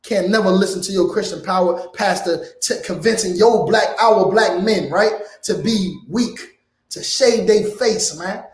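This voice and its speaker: A man's voice: sits high, a little slow. A man preaching in a heated, blunt lecture, often ending his lines with "man". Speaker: preacher teaching a class. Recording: echoey room.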